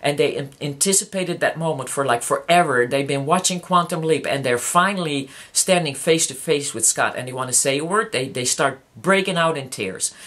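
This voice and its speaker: A heartfelt vlogger speaks straight to subscribers in a casual, personal way. The speech halts often, with restarts, "uh"s and "um"s, and the voice sits at a middling pitch. The talk is openly emotional and confiding throughout. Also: a bit bright. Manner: halting, many restarts and fillers. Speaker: YouTuber addressing subscribers.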